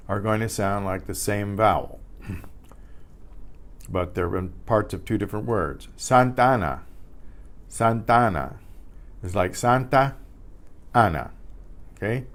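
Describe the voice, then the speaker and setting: An older man teaching a beginner Spanish class, patiently repeating practice words and often clearing his throat. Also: lowish voice. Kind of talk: beginner language lesson. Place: community class room.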